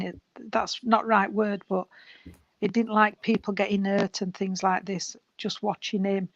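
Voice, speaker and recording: A woman delivers a spiritualist message with gentle care. Her pitch stays flat and even. The recording sounds dull and muffled. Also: slight background noise. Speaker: medium. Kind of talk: spiritualist mediumship reading.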